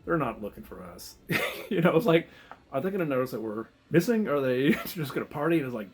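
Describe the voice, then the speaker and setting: A vlogger tells a diving story to the camera in a casual, rambling way, often cutting himself off to restart, swearing and chuckling a lot. His voice sits at medium pitch with big swings, his pace is brisk, and there's noise in the background.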